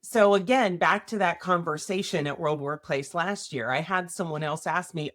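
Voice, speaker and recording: Woman podcast host, slightly low voice, conversational, keeps tagging points with "right?". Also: normal speed, few pauses, fairly bright tone. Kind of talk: casual podcast explanation with workplace examples.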